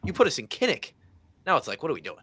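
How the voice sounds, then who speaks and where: A man in his thirties hosting a podcast, telling a story in a casual, animated way and acting out the voices of the people in it. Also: a little high, rapid-fire, breathy edge. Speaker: podcast host.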